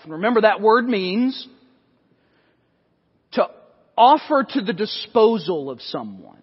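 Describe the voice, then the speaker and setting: A man's voice: sits high, big pitch swings, slow pace, long pauses, slightly rough, big-room sound, highs cut off. A man preaching an expository sermon as pastor, conversational, with frequent restarts and asides. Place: church sanctuary.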